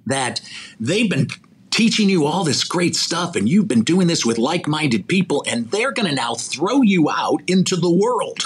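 An older man with a husky, slightly breathy voice tells stories as an interview guest. His pitch swings widely as he acts out the voices of people in his anecdotes. He chuckles between phrases. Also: unhurried. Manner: animated storyteller who acts out quoted dialogue and chuckles mid-sentence. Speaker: interview guest, executive recruiter. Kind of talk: storytelling in a podcast conversation.

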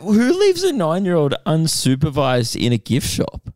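A man's voice: fairly high pitch, wildly swooping pitch, a little slow, darkish tone, dry recording, studio quality. A young Australian man co-hosting a podcast, musing and joking. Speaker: podcast co-host. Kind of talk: casual chat.

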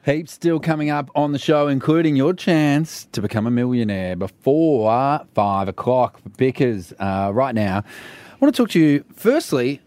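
A man's voice: medium pitch, lively intonation, a little slow, darkish tone, no echo. A man, co-hosting a radio show with casual, self-mocking banter and frequent laughter. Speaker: radio co-host.

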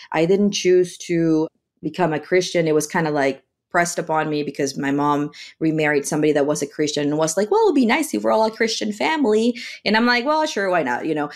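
A woman from Mexico, a makeup artist guest, telling her story in a lively, conversational way, acting out dialogue and often laughing. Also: low-pitched. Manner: animated, acts out quoted dialogue, laughs often.

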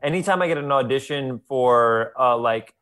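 A man from New York, an actor guest, chatting in a quick, laughing, self-deprecating way in an interview. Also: medium pitch, a bit bright. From New York, USA. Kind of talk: casual interview chat.

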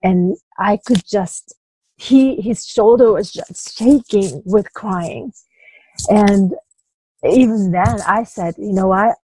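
Picture a woman on an interview show recounting her own story, stopping and restarting her sentences as she goes. Her voice sits at a middle pitch and comes across close and dry, with little room sound. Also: warm tone, breathy edge, no echo, low-quality recording. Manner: halting retelling with frequent restarts, "you know" and light laughs. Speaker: interview guest. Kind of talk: personal story in a conversational interview.

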